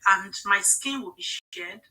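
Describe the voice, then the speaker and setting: On a rough-sounding recording, a middle-aged live-stream host speaks a little slowly in a bright, forceful, medium-pitched voice. Making a casual sales pitch, she tells emotional personal stories earnestly, frequently pausing to ask "okay?".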